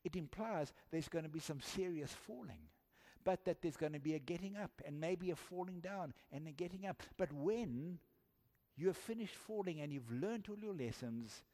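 A man's voice: a little high, animated, normal speed, warm tone. A man preaching a sermon to a congregation, telling a story in a conversational way and often repeating words as he searches for them. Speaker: pastor. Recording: echoey hall reverb.

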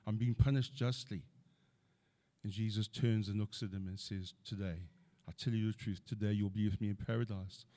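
Earnest male preacher, lowish voice. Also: flat delivery, fairly quick, mellow. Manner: earnest, quotes scripture, builds to emphatic points. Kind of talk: sermon.

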